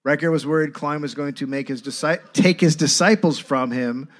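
A man's voice: a little high, normal speed. A man co-hosting a live comedy podcast, reading old letters and history aloud and sometimes laughing. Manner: reads documents aloud, often breaking into laughter. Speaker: podcast co-host reading the story.

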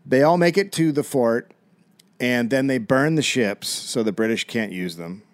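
A man's voice: mid-range voice, moderate pace, no echo. A middle-aged man co-hosting a comedy podcast, retelling history in a casual, profane, wry way. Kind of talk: casual storytelling.

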